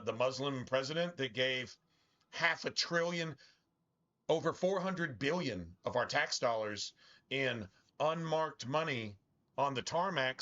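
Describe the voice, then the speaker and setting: A man's voice: mid-range voice, sharp tone, muffled recording. A middle-aged man chatting casually on a live game stream, rambling and profane, with strong opinions. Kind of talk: casual live-stream chat while gaming.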